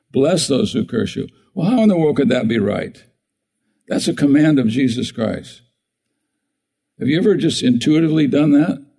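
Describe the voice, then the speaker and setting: A man's voice: mid-range voice, gravelly, warm tone, breathy edge, low-quality recording. A man preaching a sermon in a conversational way, often asking the congregation questions. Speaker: pastor.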